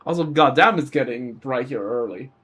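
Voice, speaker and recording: A man's voice: medium pitch, lively intonation, normal speed, a bit bright, breathy edge. A man giving casual let's-play commentary, rambling and self-deprecating, often restarting his sentences. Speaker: game streamer.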